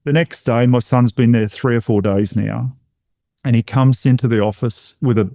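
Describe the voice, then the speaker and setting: A middle-aged man shares a personal story as a podcast guest. His voice is mellow and relaxed, and he talks in an animated way, acting out the voices of others. The recording is dry and close. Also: mid-range voice, normal speed, no echo. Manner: animated storyteller who acts out other people's lines. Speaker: podcast guest, intuition coach.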